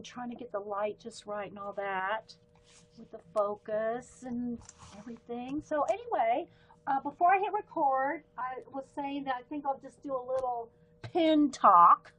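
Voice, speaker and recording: A woman's voice: high voice, muffled recording. Chatty Southern woman rambling about pens. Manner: chatty and rambling, with frequent ums and self-interruptions. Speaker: live-stream art host. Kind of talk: casual livestream chat.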